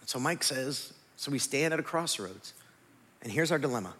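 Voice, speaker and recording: A man preaching a sermon as pastor, swinging from loud pleading to hushed near-whispers, with jokey asides. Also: medium pitch, lively intonation, moderate pace. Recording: long hall reverb.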